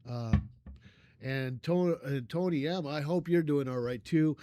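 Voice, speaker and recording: An older man hosting a music reaction channel chats casually to his viewers, rambling and halting with many fillers, effusive in his thanks, often coughing and clearing his throat. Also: fairly high pitch, slight background noise. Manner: effusive, warm toward viewers.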